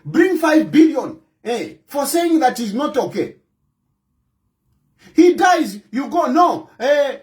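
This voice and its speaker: A man's voice: very high-pitched, a little mellow, low-quality recording. A man with a Zambian accent, delivering impassioned political commentary in a scolding, combative tone and repeating his points for emphasis. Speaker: opposition party president.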